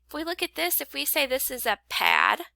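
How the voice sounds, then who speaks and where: A woman's voice: sits high, very animated, creaky, pushed and bright, dry recording. A woman teaching a phonics lesson, patiently sounding out rhymes and syllables for young learners. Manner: slow, patient, clapping out syllables.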